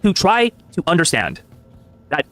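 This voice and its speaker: A man's voice: a little high, huge pitch swings, normal speed, pushed and bright, soft background music. A man on a live stream ranting in exasperation, piling on complaints. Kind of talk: casual live-stream banter.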